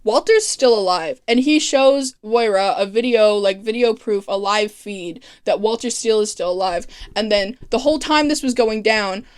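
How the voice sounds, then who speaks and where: A woman's voice: mid-range voice, moderate pace, hardly any pauses, clear, resonant tone. A woman casually recapping a TV season, sarcastic and swearing freely, with chatty asides. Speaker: TV recap vlogger. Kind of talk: casual, profane recap commentary.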